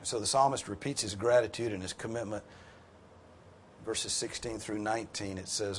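Fairly even in intonation and normal in speed, a man's voice carries a sermon and group discussion for a Bible class, with slight background noise. He is earnest and emphatic, occasionally wandering into casual asides and growing louder and higher-pitched to make a point land.

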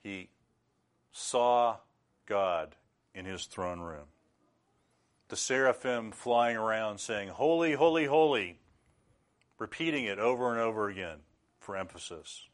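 Earnest low-voiced man preaching. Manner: earnest, measured preaching with sudden loud bursts. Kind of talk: sermon.

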